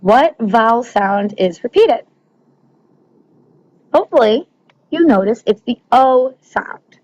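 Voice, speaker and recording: A woman's voice: fairly high pitch, expressive, slow, pauses often, a little mellow. A woman teacher walking students through a recorded lesson, explaining step by step with frequent ums and checking that they follow. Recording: slightly dull lo-fi recording.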